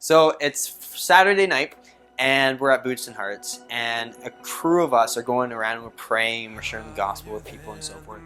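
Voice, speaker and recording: A man from a youth ministry team recounts a testimony in a quick, conversational way. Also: mid-range voice, sharp tone, faint music behind. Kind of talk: personal testimony storytelling.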